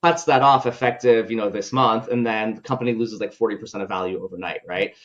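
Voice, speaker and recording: A male product leader appears as a podcast guest in a casual, conversational interview, speaking loosely with lots of fillers and closing his points with "right?". His voice is lowish with fairly even intonation and a quick pace, and the high frequencies are cut off.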